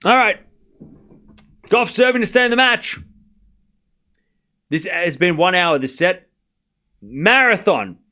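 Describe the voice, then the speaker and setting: A man hosting a live tennis watchalong stream, calling each shot in quick bursts with chatty asides between points. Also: high-pitched, fairly bright tone. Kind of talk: live play-by-play tennis commentary.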